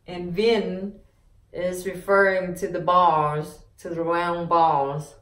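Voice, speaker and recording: A woman teaching pronunciation, sounding out each syllable slowly and repeating words. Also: fairly low pitch, level tone, fairly bright tone, roomy sound, far from the mic. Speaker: language teacher. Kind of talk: slow pronunciation lesson.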